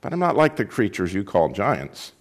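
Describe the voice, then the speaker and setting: A man voicing a huge unseen creature with a deep, calm, patient voice, speaking slowly and gently. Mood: calm gentle.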